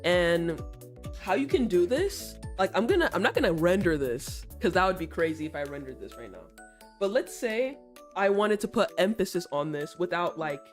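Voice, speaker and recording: A woman's voice: fairly low pitch, big pitch swings, soft background music. Playful slangy woman streamer. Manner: playful, slangy, teasing chat back; explains slowly and repeats herself while drawing. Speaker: streamer and art critic. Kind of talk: casual livestream chat and art critique.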